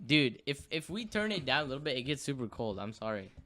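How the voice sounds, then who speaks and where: A man's voice: medium pitch, fast, no room sound. Teasing young man on a podcast. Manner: teasing, deadpan jokes. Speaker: podcast co-host. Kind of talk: casual chat.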